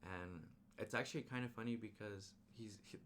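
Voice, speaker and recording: A young man recapping a film in a casual, excited ramble, full of slang and fillers. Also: fairly low pitch, moderate pace, a little hiss or hum. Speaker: movie reviewer.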